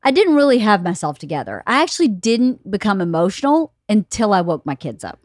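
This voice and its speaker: A woman's voice: mid-range voice, fairly quick, dry recording, clean studio sound. A woman in her fifties hosting a casual podcast chat, telling stories animatedly with frequent laughs. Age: 50s. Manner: animated storyteller, laughs often, quotes others. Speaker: podcast host.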